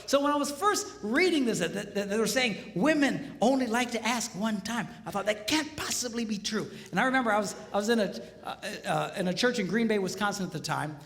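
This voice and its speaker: A man's voice: high voice, creaky. A male pastor giving a comedic seminar talk, telling stories and acting out the dialogue. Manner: animated storytelling, acting out dialogue. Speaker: pastor and marriage speaker. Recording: echoey hall reverb, faint noise.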